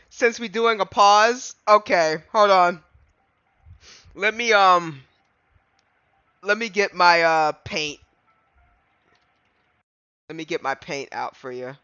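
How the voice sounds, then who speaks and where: A man's voice: high voice, expressive, slow, pauses often, bright, forceful tone, smooth, no room sound, dull audio. A man streaming a game live, chatting casually and rambling to his chat between fits of giggles.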